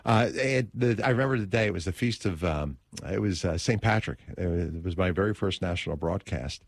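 A man's voice: deep voice, fairly quick, vocal fry, no room sound. A middle-aged man who hosts talk radio, telling a personal story in an interview, acting out scenes animatedly and often restarting phrases.

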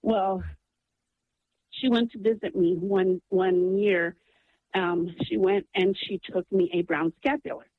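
Woman, radio caller, earnest storytelling, husky, tinny phone sound. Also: medium pitch, steady tone, takes it slowly. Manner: earnest, breathless storytelling with many ums.

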